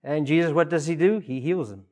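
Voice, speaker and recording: A man's voice: fairly high pitch, a little mellow. Earnest male preacher giving a sermon. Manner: earnest, rises in emphasis on key points with pauses and repeated phrases.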